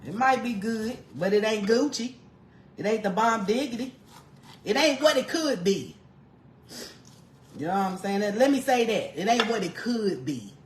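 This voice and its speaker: A woman's voice: on the high side, lively intonation, normal speed, long pauses, roomy sound, a little hiss or hum. Folksy woman calling everyone honey. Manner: folksy, calls the viewer honey, laughs often. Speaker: home cook vlogger. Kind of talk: casual cooking demonstration. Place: home kitchen.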